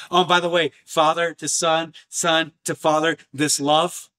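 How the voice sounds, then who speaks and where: A man preaching an impassioned sermon, animated and emphatic, swinging between loud bursts and low, intense passages with lots of repetition. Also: unhurried, clean tone. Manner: repetitive, rhetorical, martial imagery.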